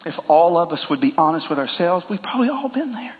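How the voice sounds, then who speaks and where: A male pastor with a high voice preaches to his congregation, chatting with them and joking before slowing down to stress a point. The sound has the long echo of a church hall. It comes through a narrow, phone-like line. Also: big pitch swings. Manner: conversational, jokes with the congregation, slows for emphasis. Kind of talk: sermon.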